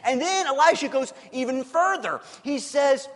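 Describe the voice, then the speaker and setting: A male preacher with a very high, lively voice, telling the story with jokes and playful asides. His voice rings out with the long reverb of a large hall. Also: moderate pace, hardly any pauses. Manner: animated, jokey storytelling with acted-out quotes. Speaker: pastor. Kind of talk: sermon.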